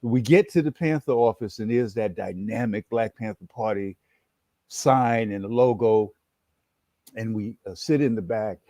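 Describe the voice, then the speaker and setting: Warm, low-voiced older man telling a story. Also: a little slow, no room sound. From New York. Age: 60s. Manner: animated storyteller who acts out his story. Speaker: guest, former activist and educator. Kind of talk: storytelling in an interview.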